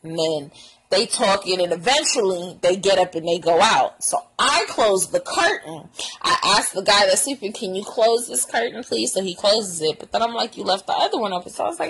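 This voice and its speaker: A young woman telling a casual, profane story vlog, acting out quoted lines with lively pitch jumps. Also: brisk, husky, poor audio. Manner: animated, profane, acts out quotes in a higher voice.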